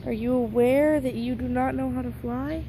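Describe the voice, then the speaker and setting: A woman's voice: high voice, fairly even intonation, normal speed, background noise. A young woman vlogging outdoors, talking in a playful, doting, mock-dramatic way. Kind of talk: casual outdoor vlog.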